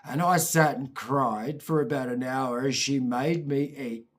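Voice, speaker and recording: A Scottish man telling comic childhood stories in a casual, animated way, with swearing and laughter. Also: medium pitch, measured pace. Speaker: storyteller, channel host.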